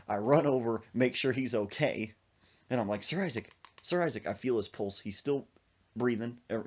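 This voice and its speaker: A man hosting a podcast, telling a comic story with lots of laughter and acted-out voices. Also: lowish voice. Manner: animated, laughing, acts out voices. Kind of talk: comedic storytelling.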